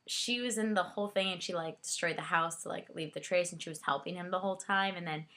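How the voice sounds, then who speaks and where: A young woman giving a casual book and movie review, rambling excitedly with lots of fillers and side comments. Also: lowish voice, quick pace.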